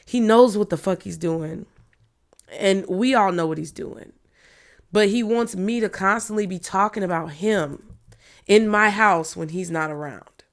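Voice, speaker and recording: A woman's voice: medium pitch, unhurried. A woman in her thirties, a tarot reader, talking frankly and bluntly to her viewers, swearing freely. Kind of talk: candid personal talk to viewers.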